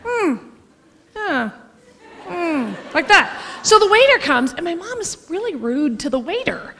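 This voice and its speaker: High-voiced, brash woman comic. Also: moderate pace. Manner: brash, profane, animated storytelling. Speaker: stand-up comedian. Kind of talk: stand-up comedy. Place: stage in a large hall. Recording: reverberant hall, audience noise.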